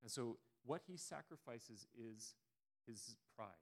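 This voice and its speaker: A man's voice: medium pitch, slow. Conversational male preacher mid-sermon. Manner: conversational retelling with frequent restarts.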